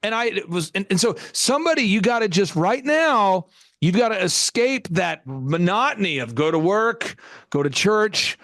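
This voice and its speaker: A middle-aged man hosting a business show, telling a motivational story in an animated way and acting out the people in it. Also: high voice, moderate pace. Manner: animated, acts out voices in his stories. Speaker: host.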